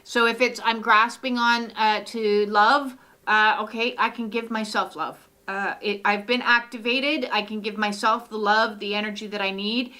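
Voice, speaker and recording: A woman's voice: mid-range voice, fairly even intonation, normal speed, pushed and bright. A middle-aged woman hosting a live oracle card reading from her home studio, talking in a soothing way with lots of "uh" fillers.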